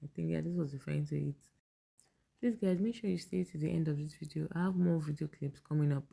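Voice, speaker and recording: Low, gravelly Nigerian woman chatting. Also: quick pace, mellow. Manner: chatty, laughs often, mixes in pidgin. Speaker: vlogger. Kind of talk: casual commentary reading fan posts.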